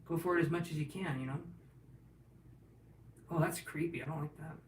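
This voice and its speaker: This fairly high-voiced man reads tarot for his livestream audience, brisk and chatty, with fairly even intonation as he jokes and answers questions aloud. Far from the mic in a large room, he's underscored by a faint room hum.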